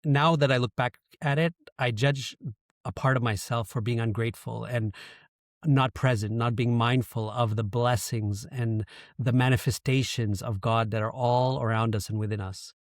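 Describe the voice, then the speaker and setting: In a steady, mid-range voice at a moderate pace, a Canadian podcast guest in his thirties opens up about an emotional personal story, occasionally swearing. The casual storytelling interview is a dry, studio-quality recording.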